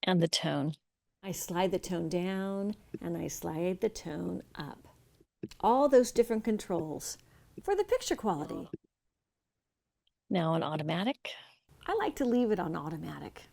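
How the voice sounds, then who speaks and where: In this product demo, a woman who reviews gear enthusiastically presents a webcam from a garden, captured by a webcam microphone on a computer. She has a gravelly, mid-range voice, and there's no room sound.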